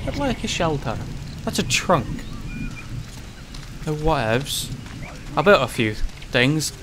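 Brief: gaming host, fairly high voice, foul-mouthed ranting, game sounds underneath. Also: male voice, very animated, slow pace, noisy background. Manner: sweary, ranting, sudden shouted outbursts. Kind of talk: let's play commentary.

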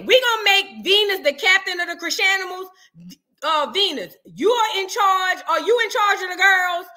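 Speaking in a very high voice, a woman hosting a reaction video keeps things animated and teasing, repeating lines for laughs in her casual commentary.

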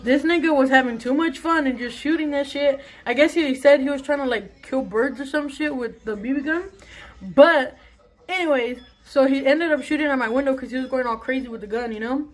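Young woman vlogging on her phone, kinda high voice, rambly and cursing a lot. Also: a little fast, soft background music. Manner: rambling, profane, chatty. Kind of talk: casual storytime vlog. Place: bathroom at home. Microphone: phone camera.

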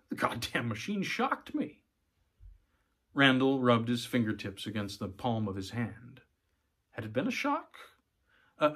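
A man's voice: mid-range voice, a bit bright. Man, story narrator, mid-range voice, reads aloud, small stumbles, livelier on dialogue. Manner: occasional small stumbles and repeated words. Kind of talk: audiobook-style story reading.

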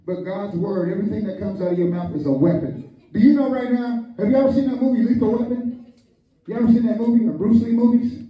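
Older pastor, lively joking sermon, high voice, muffled distant recording in a big echoey church. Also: male voice, quick pace. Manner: call-and-response preaching, joking asides. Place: church sanctuary. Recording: echoey hall, distant, dull lo-fi.

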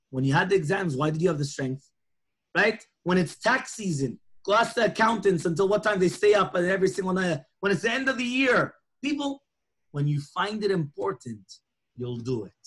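Animated, husky-voiced rabbi teaching. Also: male voice, high-pitched, fairly quick. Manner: animated storytelling, acting out dialogue. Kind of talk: lunchtime Torah class.

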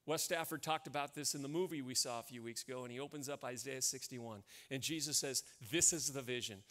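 A man's voice: mid-range voice, brisk, fairly bright tone. Man, American accent, pastor, sermon, storytelling, emphatic, repeats phrases.

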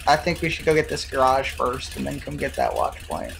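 Gravelly and medium-pitched, this young man's voice swings hugely in pitch as he talks fairly quickly over a noisy background. He's a gamer streaming co-op play, trading profane, relaxed banter with a friend and laughing often.

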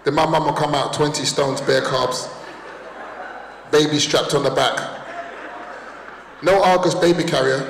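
A man's voice: fairly high pitch, steady tone, measured pace, long pauses. A man doing stand-up, punchy and working the crowd on a big hall stage. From London. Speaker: stand-up comedian. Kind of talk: stand-up comedy. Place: large town hall stage. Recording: echoey hall with crowd noise.

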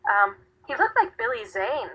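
A woman's voice: on the high side, big pitch swings, normal speed, lo-fi sound, a crowd in the background. A woman speaking bluntly and frankly in a casual radio chat.

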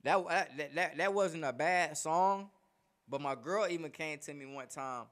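Repetitive, rambling man with raised pitch. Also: measured pace, fairly bright tone. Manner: rambling, stumbles and repeats words. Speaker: rapper guest. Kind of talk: casual interview talk.

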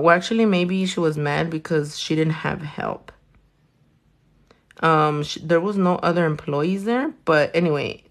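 A young woman chats casually as she works on nails and tells a story about her day. She talks in a loose, profane, animated way. Her voice sits a little low and has a gravelly fry running through it. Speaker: nail artist vlogger. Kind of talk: casual storytime chat while doing nails.

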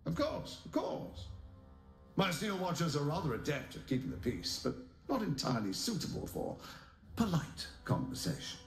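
An actor playing a polished, self-assured lord who speaks formally in a video game. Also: male voice, a little high, huge pitch swings, normal speed, reverberant, soft background music. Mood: courtly menace. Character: scheming, smooth-talking male lord, self-assured. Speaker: game character.

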